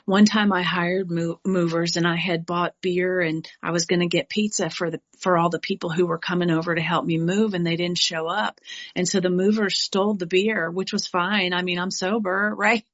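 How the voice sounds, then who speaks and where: A middle-aged woman from New York giving a candid, animated personal share at a recovery meeting, with frank asides. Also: fairly low pitch, moderate pace, highs cut off.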